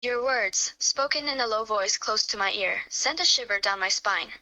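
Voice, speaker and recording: A woman voicing a smitten young woman in a fan role-play, speaking in a soft, quavering tone. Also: medium pitch, normal speed, rough recording. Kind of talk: fan role-play reading, first person.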